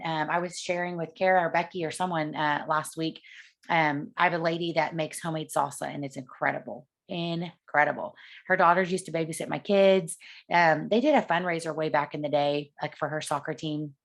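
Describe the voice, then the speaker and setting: A woman coaches on sales in a casual talk, her low-pitched voice fairly even in intonation and a little fast. Chatty throughout, she acts out the dialogue she quotes.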